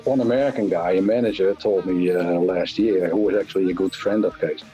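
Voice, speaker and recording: A man recalls stories as an interview guest, restarting and padding his sentences with fillers. His voice is low and mellow. The recording sounds dull and lo-fi, with faint music underneath. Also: fairly quick. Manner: hesitant, repeats himself, many fillers.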